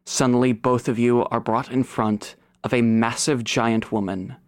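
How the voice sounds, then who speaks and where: A man's voice: medium pitch, steady tone, a little slow, dry recording, clean studio sound. A man running a tabletop game, narrating the scene dramatically for the players. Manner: dramatic storytelling, dropping to whispers. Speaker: game master.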